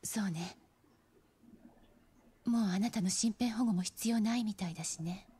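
An actress voicing a troubled young woman in a video game, speaking softly and hesitantly. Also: mid-range voice, fast, husky. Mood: apologetic. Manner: soft, hesitant, apologetic speech. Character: troubled young adult woman, game heroine, soft-spoken.

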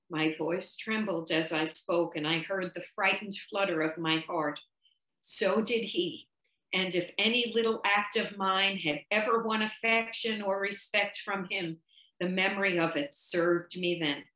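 A woman reads a nineteenth-century short story aloud in a measured, unhurried way. Her voice sits in a middle pitch and rings a little in an echoey room. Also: bright, forceful tone. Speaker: reader.

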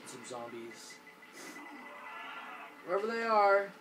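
A man casually commentating co-op gameplay with friends, excitable, often yelling and laughing. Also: high-pitched, slow pace, noisy background. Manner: excitable, yells and laughs during fights. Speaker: gamer playing co-op with friends.

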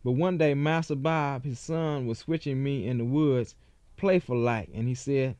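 A man's voice: mid-range voice, steady tone, measured pace, a little mellow, smooth, dry recording. A man giving a dramatic first-person reading of a former slave's account, telling it in folksy rural dialect.

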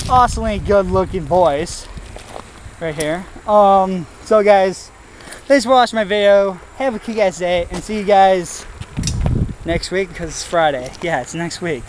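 A young man rambles through a casual vlog, swearing and poking fun at himself. His voice sits high for a man. A faint hum of outdoor noise runs underneath. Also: low-quality recording. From Wisconsin, United States. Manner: rambling, profane, self-mocking. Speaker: vlogger.

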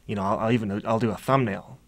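A man from Michigan, a guest cartoonist, chatting in an easygoing way, halting and restarting his sentences. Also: on the low side, steady tone. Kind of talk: casual chat.

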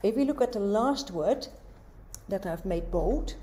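Lecturing at a university, this woman has a warm, expressive, mid-range voice. Her explanations are measured, and she poses rhetorical questions along the way.

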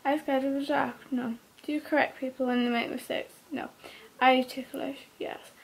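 A young woman vlogging, reading out quick questions and giving terse, offhand one-word answers. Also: high-pitched, flat delivery, vocal fry, breathy edge. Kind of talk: casual question-and-answer vlog.

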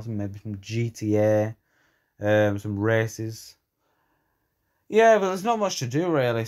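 A man's voice: lowish voice, a little mellow. A man vlogging from home, rambling through a casual reaction and leaning heavily on "you know" and restarts. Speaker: reaction video creator. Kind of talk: casual rambling talk to camera. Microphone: camera set up at an odd angle.

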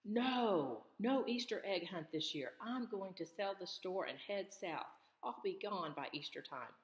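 A woman's voice: medium pitch, lively intonation, measured pace, voice pushed up. A woman voicing a tired, lonely old storekeeper who grumbles, read aloud for a children's storybook in an echoey room. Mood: gloomy. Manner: grumbling and downcast. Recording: echoey room with long reverb.

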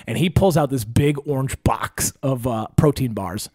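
A man's voice: medium pitch, moderate pace, no room sound, studio quality. A man hosting a podcast in casual chat, telling stories animatedly, acting out other people's voices, swearing freely and laughing mid-sentence. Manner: animated storyteller who acts out quoted voices and swears freely. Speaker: podcast host. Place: indoor podcast recording.

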